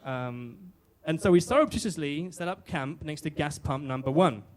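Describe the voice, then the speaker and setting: A man's voice: fairly high pitch, expressive, moderate pace. A British man telling a comic personal story on stage, wry and self-deprecating, with fillers and restarts. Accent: British English. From Britain. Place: live storytelling venue on stage.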